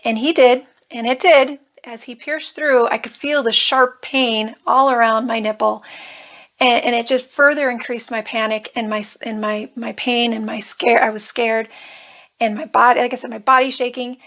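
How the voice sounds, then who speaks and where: A woman with a fairly high voice talks straight to camera as a coach. She tells a personal story in an earnest, emotional way and slips in nervous humor. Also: fairly even intonation, moderate pace, fairly bright tone. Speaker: life coach.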